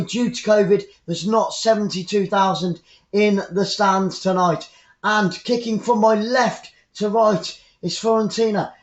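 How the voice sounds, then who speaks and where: A man with an English accent and a high-sitting voice gives excitable, chatty live football commentary as a fan, rambling into asides for his viewers. The recording is lo-fi with an echoey room.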